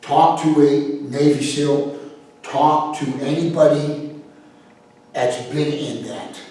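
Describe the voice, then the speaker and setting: A blunt, animated man, middle-aged, talking as a self-defense instructor in a podcast monologue. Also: fairly high pitch, slow. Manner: blunt, animated, swears freely. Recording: very echoey room, far from the mic.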